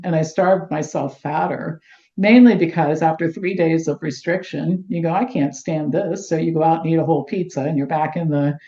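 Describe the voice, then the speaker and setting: A middle-aged woman being interviewed, telling lively anecdotes and acting out the dialogue. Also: low-pitched. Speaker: guest, health doctor. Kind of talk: storytelling in interview. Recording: roomy, dull lo-fi sound.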